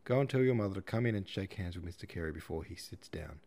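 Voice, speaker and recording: A man with a low, slightly mellow voice talks fast and animatedly while voicing a character in an audiobook reading. The character is a flamboyant middle-aged father who speaks in a grand, theatrical, opinionated and expansive way.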